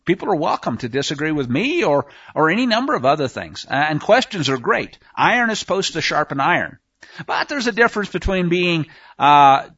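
Lively high-voiced man teaching scripture. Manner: rhetorical questions, frequent restarts. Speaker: Bible teacher. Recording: dull lo-fi recording.

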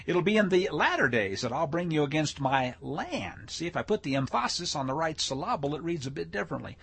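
A man's voice: on the high side, expressive, brisk, vocal fry, hardly any pauses, a bit bright, slightly rough. A man giving a sermon-style Bible teaching, reading verses aloud with rising emphasis and adding wry asides.

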